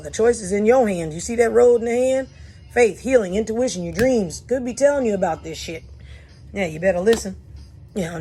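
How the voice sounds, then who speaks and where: A woman doing a blunt, profane tarot reading for her viewers, talking animated and fired up. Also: mid-range voice. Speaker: tarot reader.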